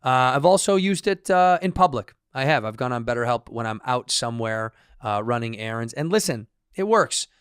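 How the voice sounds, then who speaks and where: A man's voice: medium pitch, lively intonation, a little fast, few pauses, smooth, no room sound, clean studio sound. A man co-hosting a casual podcast, playful and rambling, also reading ads in the same goofy way. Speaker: podcast co-host. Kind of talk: casual podcast chat and ad read.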